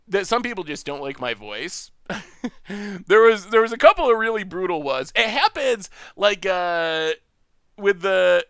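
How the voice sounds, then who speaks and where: A man's voice: high-pitched, fairly bright tone, clear, resonant tone, no room sound, studio quality. A man with an upstate New York accent hosting a live stream, chatting and thinking aloud as he plays a card game and laughing often. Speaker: stream host. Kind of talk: live-stream gameplay commentary.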